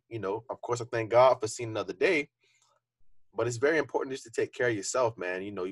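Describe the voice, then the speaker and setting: Fast and medium in pitch, a young adult co-host speaks earnestly and reflectively on a podcast, his casual talk full of fillers. The recording has no echo.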